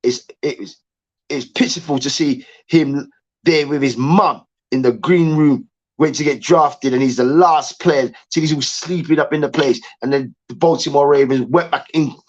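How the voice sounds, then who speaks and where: A man hosting a sports show, ranting in an animated, emphatic way and repeating himself. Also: fairly high pitch, normal speed, lo-fi sound. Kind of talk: heated sports rant.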